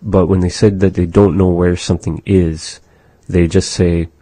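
Language teacher, male, deep and slow, husky dark tone, patient drill delivery. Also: level tone, dry recording. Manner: slow, explanatory, models pronunciation for learners to repeat. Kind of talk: language lesson with repetition drills.

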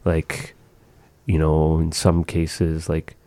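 A man's voice: very deep voice, completely flat delivery, slow, dark tone, dry recording. A man casually teaching phrases of a language, explaining patiently with many fillers and repeating each phrase. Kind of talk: casual language lesson chat.

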